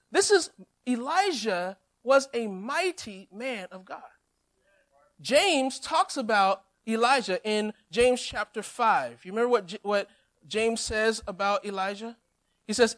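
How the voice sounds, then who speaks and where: Pastor, male, lively storyteller; sermon delivery with jokes and acted voices. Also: very high voice, unhurried.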